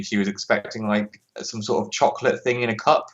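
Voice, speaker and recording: A British man talks in an easy, measured way, explaining things in a casual chat. His voice sits fairly low. The recording sounds dull and lo-fi, like a remote call. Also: little pitch movement. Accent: British English. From England. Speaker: co-host.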